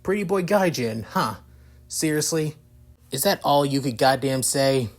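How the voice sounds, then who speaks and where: Man voicing a sharp-tongued teen boy, sarcastic, cursing, irritable, fan storybook reading, rising a touch high when riled. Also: measured pace, lightly acted. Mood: irritated. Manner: curses constantly, sarcastic.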